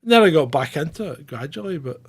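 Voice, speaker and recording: A man's voice: a little high, animated, quick pace, slightly rough. A middle-aged man from England hosting a casual livestream, rambling and irreverent, often chuckling. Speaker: channel host.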